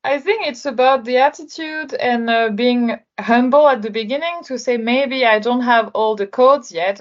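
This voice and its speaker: A woman's voice: a little high, muffled recording. A woman from France, a guest on a podcast, talking through her work experience in a thoughtful way with frequent hesitations. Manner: thoughtful, many hesitations and fillers. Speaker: podcast guest, sales executive. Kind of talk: conversational interview.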